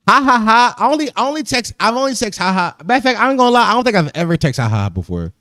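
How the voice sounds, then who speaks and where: A man's voice: high-pitched, big pitch swings, fast, bright, forceful tone, no room sound, studio quality. A man hosting a podcast in casual chat, joking loosely, laughing often and repeating phrases. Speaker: podcast host.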